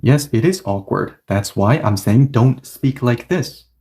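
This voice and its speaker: A man's voice: medium pitch, animated, unhurried, mellow. A man teaching a language grammar lesson, patiently repeating and restating each point and reading example sentences aloud at several speeds.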